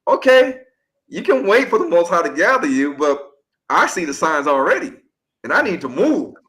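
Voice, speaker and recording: A man chatting as a guest on a podcast, lively and full of stories. His voice sits a little high and rings bright, and it rises and falls all the time. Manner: animated storyteller, swings in pitch. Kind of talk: casual podcast conversation.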